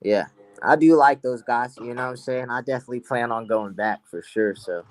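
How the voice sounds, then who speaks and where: A man's voice: mid-range voice, a little fast, no room sound. Brash, profane trash-talking man. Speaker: guest pro fighter. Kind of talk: casual podcast chat.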